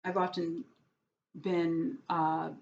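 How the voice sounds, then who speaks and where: Woman vlogger: unhurried, somewhat low voice, hesitant and full of fillers, dry sarcastic humor; dull lo-fi recording. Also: level tone, darkish tone. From New York. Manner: hesitant, many fillers and restarts; wry, self-deprecating sarcasm. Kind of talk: casual rambling monologue. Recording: dull lo-fi audio with faint background noise.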